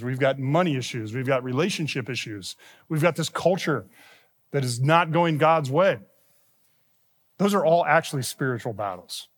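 A fairly high-pitched male pastor delivers a sermon in a church sanctuary, where the long reverb of the hall trails behind his words. He quotes scripture with rising emphasis, then drops low and quiet to press the point home.

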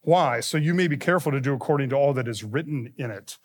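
A man preaching a sermon as pastor, lifting his voice when he quotes scripture and dropping low to drive a point home. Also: fast. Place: church sanctuary. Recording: long reverb of a church hall.

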